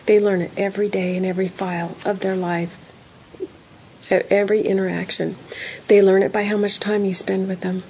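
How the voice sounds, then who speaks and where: A woman's voice: medium pitch, little pitch movement, fairly quick, a little hiss or hum, rough recording. A woman giving parenting advice in an earnest, emphatic way, acting out example conversations. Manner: warm, earnest, emphatic, acts out example dialogues. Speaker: parenting counselor guest.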